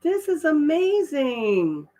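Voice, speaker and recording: Woman, middle-aged, live-stream host, casual chat, slow unhurried delivery, lively swooping pitch, excitable. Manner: excitable, squealing with surprise, trailing fillers.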